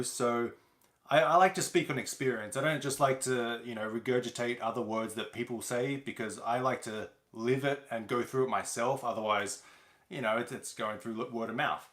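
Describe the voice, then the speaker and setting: A man's voice: mid-range voice, a bit bright, roomy sound. A man hosting a casual livestream chat, talking loosely with lots of fillers and restarts. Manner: loose, rambling, with many fillers. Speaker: host of a car wash business channel. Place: home.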